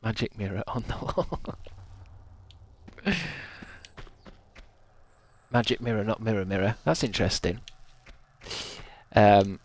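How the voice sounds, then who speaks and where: A man's voice: lowish voice, fairly even intonation, takes it slowly, long pauses, a little hiss or hum. A man chatting casually while streaming a game, swearing freely and laughing often. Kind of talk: casual gaming stream chat.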